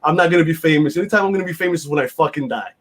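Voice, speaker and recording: A man's voice: a little high, rapid-fire. A man, hosting a casual podcast chat in a blunt, rambling, profane way with lots of fillers. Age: 50s. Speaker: podcast host.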